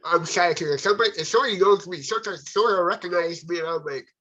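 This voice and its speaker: A man's voice: high voice, very fast, bright, forceful tone. A man hosting a casual interview who chats playfully and acts out his own reactions. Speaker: interview host. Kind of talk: casual chat. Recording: dull lo-fi sound.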